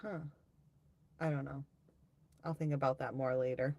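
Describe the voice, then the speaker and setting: A woman's voice: rumbling low, steady tone, vocal fry, a little mellow. A woman hosting a live stream, reading viewer comments aloud and chatting in a rambling, offhand way. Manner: rambling, offhand, quick to laugh at herself. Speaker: livestream host.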